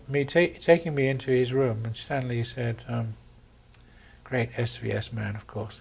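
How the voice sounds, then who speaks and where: Older man, English accent, anecdotal, hesitant ums, medium pitch. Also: vocal fry, a little mellow. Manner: anecdotal storyteller with frequent ums and restarts. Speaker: surgeon interviewee. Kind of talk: reminiscing in a conversation.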